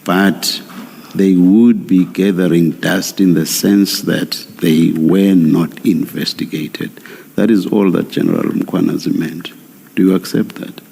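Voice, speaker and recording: A man, a commissioner chairing an inquiry, asking pointed questions deliberately with occasional stammers. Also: low voice, fairly even intonation, creaky, mellow, slightly rough.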